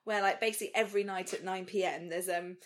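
A woman's voice: lowish voice, fairly even intonation, fast talker. A woman from England co-hosting a podcast, telling stories in a chatty, rambling way full of fillers. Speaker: podcast co-host. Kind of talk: casual podcast chat. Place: London.

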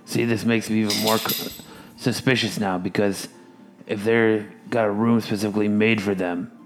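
A man player voicing suspicion in a measured way during tabletop play. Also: on the low side, steady tone, music in the background.

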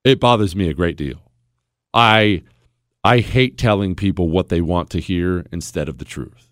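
A man's voice: medium pitch, no room sound, studio quality. A middle-aged man hosting a radio talk show, blunt and sarcastic, ranting in a monologue and mocking others by imitating them. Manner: blunt, sarcastic, animated, mocks with mimicry. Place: radio studio.

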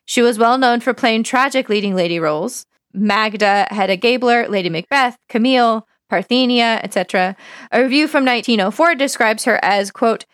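A woman co-hosting a podcast, casual and playful, with quick reactive asides. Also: on the high side, no room sound, clean studio sound. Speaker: podcast co-host. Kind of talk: casual chat.

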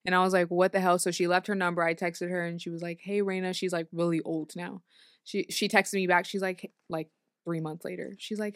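A young woman talking as a guest in a casual studio chat, telling stories in a quick, chatty way. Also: lowish voice, little pitch movement, no room sound.

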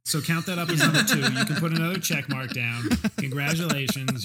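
A man's voice: a little high, brisk, bright, forceful tone. A man from Maine co-hosting a film podcast, hesitant, repeating words, with dry sarcasm. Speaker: podcast co-host. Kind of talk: casual chat.

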